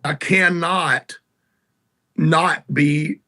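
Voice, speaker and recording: A man's voice: fairly high pitch, fairly even intonation, extremely slow, bright, forceful tone. A man with a Southern accent, a guest musician telling rambling, salty anecdotes in a casual interview. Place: garage.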